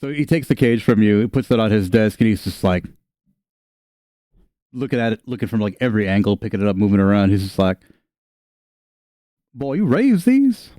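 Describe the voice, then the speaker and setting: A man narrates a tabletop role-playing session as the game master, with a relaxed, casual manner and the odd swear word. His voice sits fairly low, and the recording is dry and close. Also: quick pace, no echo. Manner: laid-back, laughs often, swears casually.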